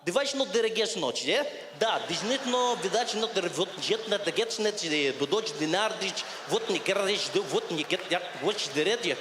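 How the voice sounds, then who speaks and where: A man's voice: high voice, expressive, brisk, few pauses, background noise. A man putting on a Russian accent as a Russian man talking insistently on the phone. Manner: loud, insistent phone talk, repeating names. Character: Russian man on a phone making shady plans. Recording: roomy hall with faint ambience.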